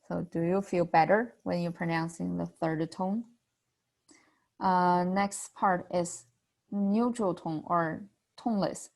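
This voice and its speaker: A woman teaching a beginner language lesson, patiently modeling sounds with drawn-out, exaggerated vowels. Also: mid-range voice, darkish tone.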